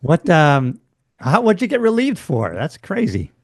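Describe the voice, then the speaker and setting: Man reacting with lively pitch. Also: unhurried, dry recording, studio quality. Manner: short encouraging reactions. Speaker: podcast host. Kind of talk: casual interview.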